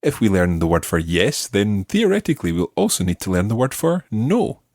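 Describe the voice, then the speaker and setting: A man hosting an audio language lesson, explaining patiently and modeling words slowly for listeners to repeat. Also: fairly low pitch, very animated, darkish tone, no room sound. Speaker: language teacher and host.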